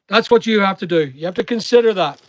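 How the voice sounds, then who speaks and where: A man's voice: high-pitched, fast. Chatty man with a half Northern Irish accent. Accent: mixed English and Northern Irish. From Northern Ireland. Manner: chatty, rambling, motivational. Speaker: online seller and vlogger. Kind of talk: casual live-stream chat while packing orders.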